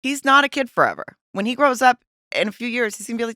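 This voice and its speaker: A woman's voice: on the high side, animated, fast talker, pushed and bright, dry recording, clean studio sound. A woman co-hosting a podcast, sharing her opinions earnestly and hesitantly, often trailing off mid-thought. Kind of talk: casual chat.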